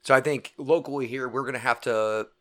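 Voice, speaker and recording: Relaxed matter-of-fact podcast co-host. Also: male voice, medium pitch, fairly quick. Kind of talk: casual chat.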